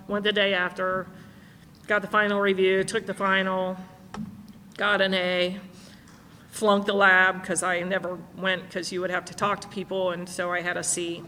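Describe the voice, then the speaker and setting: A woman's voice: mid-range voice, sharp tone. Middle-aged woman sharing her story at a recovery conference, wry and frank, live hall recording with faint background hum. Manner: candid, self-mocking storytelling. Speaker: speaker sharing at a recovery meeting. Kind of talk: personal story talk.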